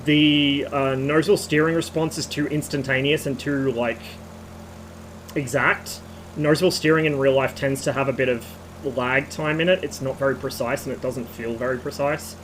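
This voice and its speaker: A slightly hoarse man streaming, giving a rambling technical rant with casual swearing. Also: medium pitch, fairly even intonation, moderate pace, fairly bright tone, a little hiss or hum, poor audio.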